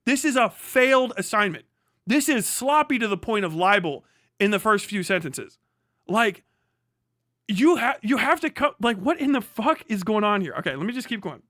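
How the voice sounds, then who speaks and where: A man with a high, bright, ringing voice, recorded dry and close with no room sound. He reads an article aloud on a live stream and keeps tearing into it with exasperated, profane rhetorical questions. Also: lively intonation, moderate pace, no echo. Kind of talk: live stream reaction, reading aloud and ranting.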